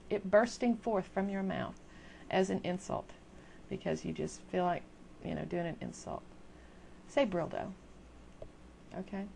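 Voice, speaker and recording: Gravelly older woman ranting to camera. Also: medium pitch, a little mellow, slight background noise. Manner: chatty, exasperated, self-mocking. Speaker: video blogger. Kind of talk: casual rant to camera.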